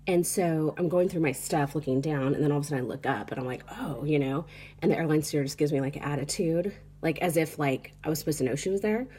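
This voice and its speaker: Low, mellow-voiced rambling woman. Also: fast talker, slight background noise. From United States. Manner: rambling, filler-heavy storytelling with frequent "like" and "you know". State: tired, sleep deprived. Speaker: vlogger. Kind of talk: casual travel vlog chat. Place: small apartment indoors. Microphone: phone.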